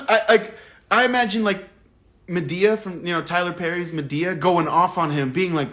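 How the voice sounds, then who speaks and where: A man hosting a livestream book club, talking through the book and reading out viewer comments in a casual, animated, indignant way with slang and swearing. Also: sits high, normal speed.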